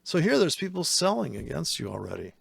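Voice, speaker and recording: A man's voice: fairly high pitch, wildly swooping pitch, a little fast, vocal fry, a bit bright, husky, no echo. A man giving casual, profane and sarcastic commentary while trading live.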